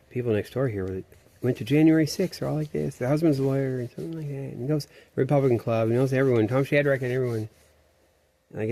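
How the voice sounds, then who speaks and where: A man's voice: medium pitch, dark tone. A man rambling through a profane, meandering, conspiratorial monologue.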